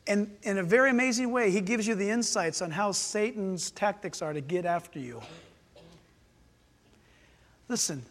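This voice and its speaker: A male pastor preaching an animated sermon in a church, acting out voices and swinging between loud and soft. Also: high-pitched, normal speed, long pauses. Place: church sanctuary. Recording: long church hall reverb.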